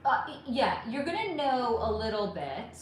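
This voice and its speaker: A woman's voice: a little high, sing-song, measured pace, very noisy. A woman hosting a casual livestream, reading chat questions aloud and answering frankly, swearing freely and trailing off with fillers while she puts on makeup at home. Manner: putting on makeup while talking. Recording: very echoey room.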